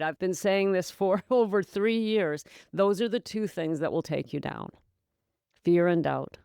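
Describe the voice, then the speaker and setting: A woman's voice: on the low side, creaky, darkish tone, smooth, no echo, clean studio sound. A woman hosting a solo sobriety-coaching podcast, talking emphatically and encouragingly to her listener, calling them babe. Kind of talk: motivational solo podcast talk.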